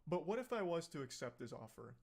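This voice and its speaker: Sarcastic man with a higher voice. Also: very animated, fast. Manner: sarcastic, mocking. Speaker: commentary YouTuber. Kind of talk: reaction commentary.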